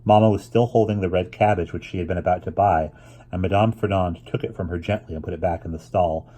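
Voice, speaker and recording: A man reading a children's novel aloud, unhurried, with occasional restarts. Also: sits low, fairly even intonation, dark tone. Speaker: reader.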